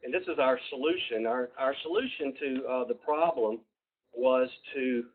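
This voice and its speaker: A man with a Southern US accent presenting a webinar, folksy and halting with many fillers and restarts. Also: medium pitch, husky. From Georgia, US. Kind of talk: presenting a webinar over slides. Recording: tinny phone-like line.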